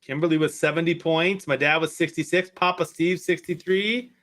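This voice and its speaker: A man's voice: a little high, fairly even intonation, normal speed, fairly bright tone. A man co-hosting a casual live sports stream, easygoing and laughing as he reads things out. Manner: easygoing, laughs while reading aloud.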